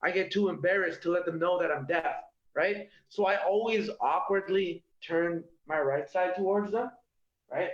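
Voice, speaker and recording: A man's voice: high-pitched, moderate pace. A man performing a stand-up routine from his home kitchen, with a punchy delivery that tags jokes with "okay?" and "all right?". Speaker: stand-up comedian. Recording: roomy, dull lo-fi home recording.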